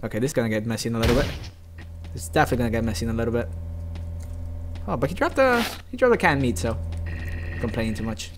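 A man giving chatty, excitable gameplay commentary, talking to his viewers. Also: mid-range voice, racing, pauses often, slight background noise. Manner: excitable, chatty, yelps and laughs at the game; talks directly to viewers. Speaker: let's play gamer.

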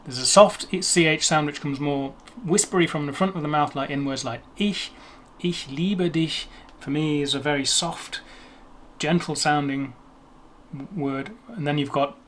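A young man with a somewhat high voice talks through pronunciation in a relaxed, self-mocking way. He slows down to carefully sound out the tricky words before chatting on. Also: slight background noise. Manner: chatty, self-deprecating, demonstrates words slowly. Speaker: language video host. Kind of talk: casual explanatory talk on pronunciation.

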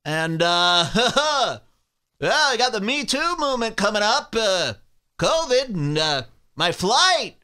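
A man doing an impression of a dull stand-up comic, droning and halting with filler sounds. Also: sits high, very animated, bright, forceful tone, clear, resonant tone, pitched above the performer's own voice, heavily acted. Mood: mocking. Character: mocked stand-up comic, bland and rambling.

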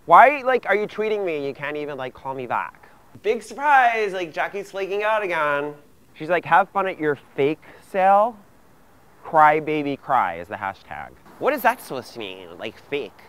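A man's voice: fairly high pitch, very animated, moderate pace, a bit bright, clear, resonant tone. A man playing a bratty valley-girl teen. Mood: gossipy. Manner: valley-girl talk, constant "like", gossipy. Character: bratty teenage girl baker, petty and dramatic. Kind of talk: mockumentary comedy monologue.

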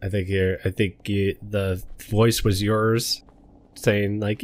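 Very deep-voiced joking gamer man. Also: level tone, darkish tone. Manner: jokey, quick to guess and tease. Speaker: gaming channel co-host. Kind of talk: casual let's-play commentary.

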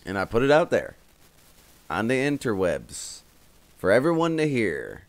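Casting: young male podcast co-host, low voice, lively swooping delivery, dry close sound. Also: unhurried, dry recording. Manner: animated storytelling, swears freely. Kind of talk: casual podcast chat.

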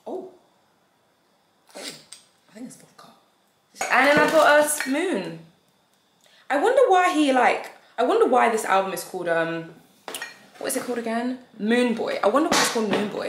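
A young woman, chatting excitedly on a phone camera at home as a vlogger, gushing and slangy. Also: medium pitch. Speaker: vlogger and interviewer. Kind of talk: casual vlog chat. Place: at home, indoors. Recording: echoey room with background noise.

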